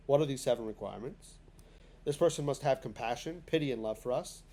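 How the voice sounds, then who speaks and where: A man's voice: mid-range voice, a little fast, dark tone. A man teaching a spoken lesson in a synagogue class, talking in a conversational way full of fillers and restarts.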